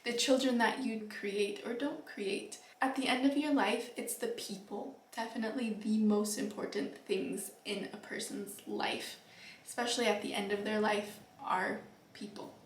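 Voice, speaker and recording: A young woman vlogger giving earnest, reflective advice to the camera, with soft laughs and fillers. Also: medium pitch, fairly even intonation, moderate pace, recorded from a distance, slight background noise. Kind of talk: casual advice talk to camera. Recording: echoey room, voice a bit off-mic.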